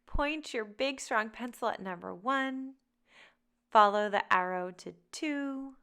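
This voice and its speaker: A woman sounds out letters one by one for young readers, at a very slow and careful pace. Her voice is bright and crisp, with a smooth, clear tone. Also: fairly high pitch. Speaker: reading teacher. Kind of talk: phonics drill for young children.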